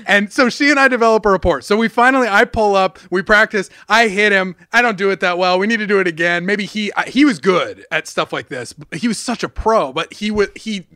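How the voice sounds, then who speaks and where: A man, a guest on a podcast, telling lively, self-mocking stories in casual chat. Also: sits high, no echo, studio quality. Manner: lively, self-mocking, does quick voices in anecdotes. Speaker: podcast guest, former cast member. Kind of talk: casual chat, animated storytelling.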